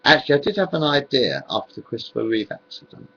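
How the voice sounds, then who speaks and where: A man's voice: medium pitch, very animated, quick pace, bright, forceful tone, slightly rough, muffled recording. A man, rambling on in a home video monologue, repeating himself and drifting between topics.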